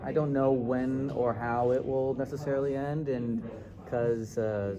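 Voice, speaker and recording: Man, middle-aged, showrunner, dry jokes, halting speech, medium pitch, crowd murmur behind. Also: fairly even intonation, muffled recording. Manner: dry joking, halting with restarts. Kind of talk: press interview. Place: busy convention press room. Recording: crowded convention room noise. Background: crowd chatter.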